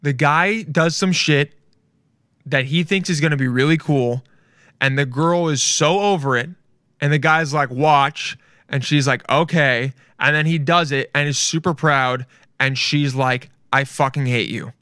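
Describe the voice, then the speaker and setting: Podcast host, male, slightly high-pitched, rambling and profane, dry close sound. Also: normal speed, sharp tone, clear, resonant tone, no echo. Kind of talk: casual podcast chat.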